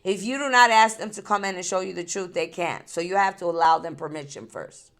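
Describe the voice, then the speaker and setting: A woman's voice: on the low side, brisk, fairly bright tone. A woman hosting a spiritual vlog, talking straight to her viewers, laughing between thoughts and repeating herself, tearful and angry. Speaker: spiritual channel host. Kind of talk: emotional direct-to-camera vlog.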